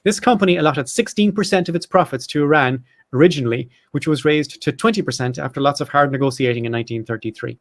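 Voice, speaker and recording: A man's voice: a little high, fast. A man hosting a podcast, reading off facts and lists in a casual chat with jokey asides. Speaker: podcast host.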